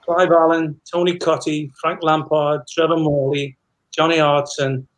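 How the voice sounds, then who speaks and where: A man's voice: on the high side, flat delivery, measured pace, poor audio. A middle-aged man, a former footballer, telling anecdotes in a rambling casual chat with many restarts.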